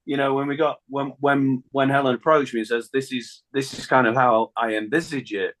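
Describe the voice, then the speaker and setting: A man's voice: medium pitch, fairly even intonation, brisk, fairly bright tone. Middle-aged guy, chatty storyteller, laughs a lot, radio studio chat. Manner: chatty storyteller, laughs often, acts out phone calls. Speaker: guest singer. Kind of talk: casual interview anecdote.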